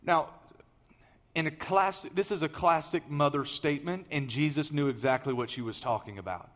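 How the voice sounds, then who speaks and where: A man preaching a sermon, telling the story in a lively way that swings from loud emphasis to hushed asides. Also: fairly high pitch, normal speed.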